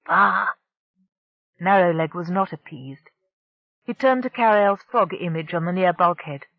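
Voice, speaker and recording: Narrator reading sci-fi, steady, kinda muffled and dry. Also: medium pitch, normal speed, no room sound. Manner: steady storytelling. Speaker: audiobook narrator. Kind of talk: scripted narration.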